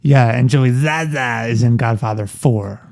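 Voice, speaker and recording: Brief: male co-host, gravelly voice, playful and jokey, casual chat. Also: medium pitch, a little slow, darkish tone. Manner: jokey, laughs often. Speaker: podcast co-host.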